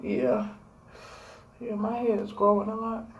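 A woman's voice: mid-range voice, very animated, unhurried, highs cut off, a little hiss or hum. A woman in her thirties vlogging, candidly telling a storytime to camera and swearing freely. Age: 30s. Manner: chatty and candid, swears freely, drawling asides. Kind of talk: casual storytime chat to camera.

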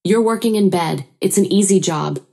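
A woman's voice: mid-range voice, moderate pace, vocal fry, warm tone, slightly rough. A woman voicing a cold husband who brushes off his wife's feelings. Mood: dismissive. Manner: cold, dismissive.

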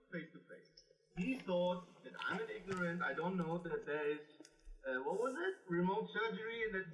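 A combative man who keeps driving his points home, his voice riding high and swinging widely in pitch. He sounds set back from the mic in a roomy space, and the audio is dull and muffled. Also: a bit bright, recorded from a distance. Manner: combative, repetitive. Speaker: debater. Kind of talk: heated online debate talk.

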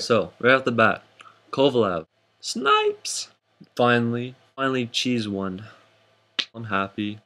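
A young man casually recapping hockey games for his vlog, jokey and excitable, with sudden high whoops. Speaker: hockey fan vlogger.

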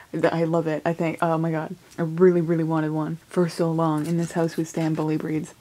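A young woman, a college student, whispering softly through a casual unboxing vlog, giggling often and swearing offhandedly. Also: deep voice, monotone, a little fast, hardly any pauses. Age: young adult.

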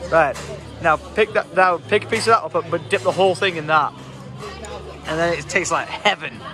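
A young man hosting his vlog, chatting excitedly and laughing often over a meal in a busy restaurant. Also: a little high, normal speed. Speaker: vlogger host. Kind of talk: casual chat. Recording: noisy restaurant with music and chatter.

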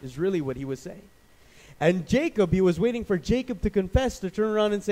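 Southern pastor preaching with a high voice. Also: male voice, brisk, warm tone. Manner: conversational preaching, questions to the congregation. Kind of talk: sermon.

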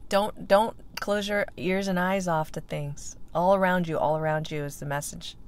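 A woman's voice: lowish voice, fairly even intonation, normal speed. A woman co-hosting a casual faith chat, talking in a reflective, earnest way with some restarts. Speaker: podcast co-host.

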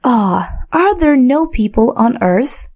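A woman voicing a small, gentle and curious boy prince in a storybook read for learners. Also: fairly high pitch, animated, slow, voice pushed up, full character voice. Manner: innocent wondering questions.

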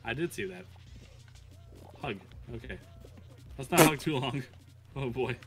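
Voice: medium pitch, expressive, measured pace, loud music behind the voice. A co-player chatting casually during a game, teasing playfully and laughing often. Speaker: co-player on stream. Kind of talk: casual chat while gaming.

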